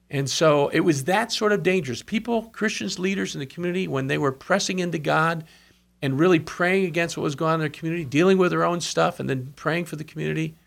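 A slightly high, creaky, somewhat bright male voice. He shares revival stories in an earnest conversational way, quoting others and pausing for brief asides.

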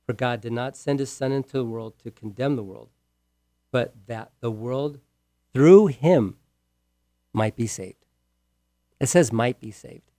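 A man preaching a sermon with emphasis, repeating key words and moving between loud and hushed delivery. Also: mid-range voice, measured pace, long pauses, no echo, studio quality. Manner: asks the listeners direct questions.

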